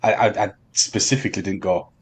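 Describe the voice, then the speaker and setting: A man telling a long story on a podcast, halting with many ums and restarts. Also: deep voice, fairly even intonation, husky. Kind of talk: casual storytelling chat.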